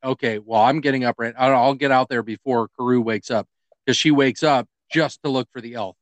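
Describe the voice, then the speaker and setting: A middle-aged man co-hosting a podcast, chatting casually and telling stories with lively acted-out dialogue. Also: mid-range voice, fairly quick, no room sound. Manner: animated storyteller, acts out quoted dialogue. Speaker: podcast co-host. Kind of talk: casual chat.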